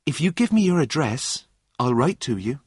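A man voicing a friendly young man in a read-aloud story, speaking in a raised, lively voice. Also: mid-range voice, normal speed, breathy edge, dry recording, clean studio sound, pitched above the performer's own voice.

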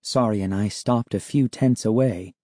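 A man narrating a chapter of a children's book in a measured storytelling way. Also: on the low side, dark tone, dry recording, clean studio sound. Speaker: audiobook narrator. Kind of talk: scripted narration.

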